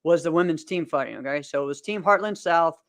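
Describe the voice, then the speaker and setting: Upbeat rambling man with smooth voice. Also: a little high, fast talker, a bit bright, no echo, clean studio sound. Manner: rambling, upbeat, laughs often, many fillers. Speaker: podcast host and martial arts competitor. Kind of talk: casual chat.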